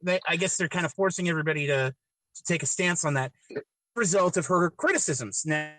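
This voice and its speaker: A man hosting a casual podcast who asks questions in a halting way, repeating words and hedging as he goes. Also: on the high side, fairly bright tone, dry recording, rough recording. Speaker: podcast host. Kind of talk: casual chat, asking questions.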